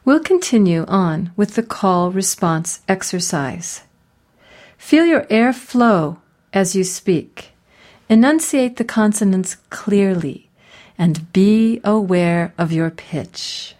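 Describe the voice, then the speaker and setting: A woman voice coach giving clearly enunciated, call-and-response pronunciation drills. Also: mid-range voice, animated, takes it slowly, a little mellow. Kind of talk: guided vocal exercise instruction.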